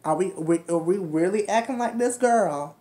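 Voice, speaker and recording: A woman in her twenties ranting about a TV episode in a brash, profane, animated way. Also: lowish voice, normal speed. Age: 20s. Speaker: reality show recap host. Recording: echoey room.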